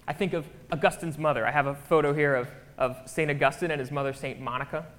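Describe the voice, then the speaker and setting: A man's voice: a little high, fairly even intonation, quick pace, fairly bright tone, a little hiss or hum. A man preaching a casual, conversational sermon in a church, often checking in with his listeners. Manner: chatty, keeps checking in with the crowd. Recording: long hall reverb.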